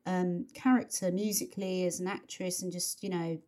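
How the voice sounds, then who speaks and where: A woman's voice: on the low side, steady tone, moderate pace, darkish tone. Woman, podcast co-host, casual chat, rambling, many fillers. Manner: chatty, rambling, frequent fillers and restarts. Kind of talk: casual chat about a song.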